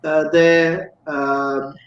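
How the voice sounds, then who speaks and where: A man's voice: a little high, level tone, very slow, reverberant, highs cut off. A man hosting a live chat show, chatty and teasing, who says "excellent" a lot. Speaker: host. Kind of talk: live radio-style chat.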